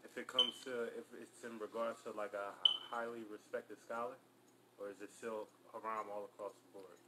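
A male student asking a question in class, hesitant and halting. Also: fairly low pitch, fairly even intonation, heavy background noise.

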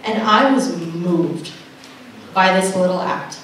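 A woman's voice: fairly low pitch, slow pace. Young woman giving a heartfelt testimony from a stage, caught from far off in a reverberant hall. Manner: earnest storytelling with laughs and acted-out dialogue. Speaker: camp speaker. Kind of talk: personal testimony message. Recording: echoey hall from far off, noisy.

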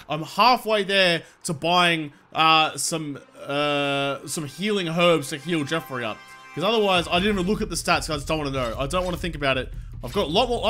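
Game host, male, high bright voice, casual commentary, swears a lot. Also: a little hiss or hum. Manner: swears a lot, exasperated outbursts. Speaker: gaming video host.

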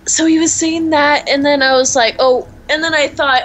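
A woman's voice: high voice, a little fast, hardly any pauses, a bit bright, low-quality recording. A teenage girl co-hosting a podcast, telling a story in a giggly way and quoting what others said. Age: teens. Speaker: podcast co-host. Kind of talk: casual chat.

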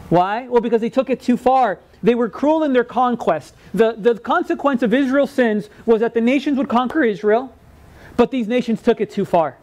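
A male pastor delivers a sermon with a strikingly high voice. He talks in a conversational way, often checking in with "right?". He acts out quoted lines in lively voices. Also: a little fast. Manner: conversational, keeps asking "right?".

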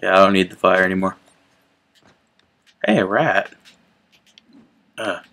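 Slow-talking young man commenting on gameplay. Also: deep voice, lively intonation, vocal fry. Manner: chatty, reacting out loud to the game. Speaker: gaming channel host.

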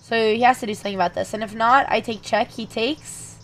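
On the high side and brisk, this young woman's voice comes from a chess stream where she reasons through moves out loud. Quiet muttered calculations give way to lively bursts of talk with her audience.

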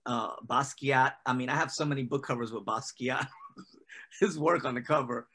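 Bright-voiced man chatting loosely. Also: medium pitch, normal speed, breathy edge. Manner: loose and conversational, heavy on "you know". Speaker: poet and guest. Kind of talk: casual interview answers.

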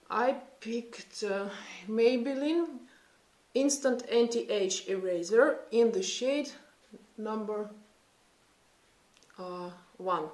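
A woman's voice: mid-range voice, slight background noise. A woman in her thirties with a Russian accent, chatting and thinking aloud while doing a makeup tutorial. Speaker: beauty vlogger. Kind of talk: casual makeup tutorial chat. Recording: echoey room.

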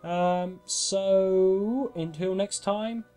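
A man's voice: sits high, steady tone, drawn-out words, mellow, faint music behind. A man hosting a game walkthrough in casual gameplay commentary, chatty and self-mocking, laughing often.

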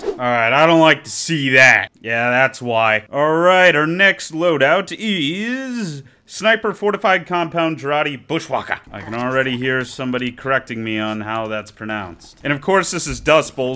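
A man's voice: mid-range voice, moderate pace, hardly any pauses, pushed and bright, smooth. A man giving joking, exclaiming running commentary over his own gameplay. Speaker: gaming video creator.

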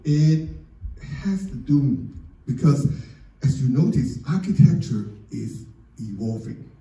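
A man's voice: medium pitch, animated, slow, warm tone. A man giving an informal lecture on architecture over slides, chatty and full of "you know" and "okay?" asides. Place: church hall or lecture room. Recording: very echoey room, mic far off.

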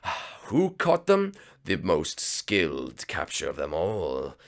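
A man's voice: deep voice, huge pitch swings, slow pace, gravelly, pitched below the performer's own voice, heavily acted. A man voicing a scheming male reptile villain professor, gloating and theatrical, for a game roleplay.

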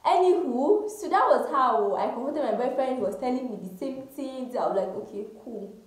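A woman's voice: sits high, animated, brisk. A woman telling a personal story to her viewers in a chatty way, repeating words and calling them girls. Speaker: vlogger. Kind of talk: casual storytime monologue. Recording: very echoey room.

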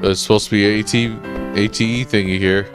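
A man's voice: on the low side, steady tone, fast talker. A man commentating on his game, thinking aloud in a hesitant way, with faint game music behind him. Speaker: gaming channel host. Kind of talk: let's play commentary.

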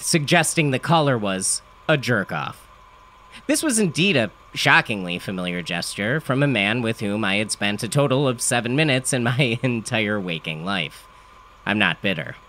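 A man's voice: mid-range voice, sharp tone, a little hiss or hum. A man narrating a comic story in a dry, matter-of-fact first-person delivery.

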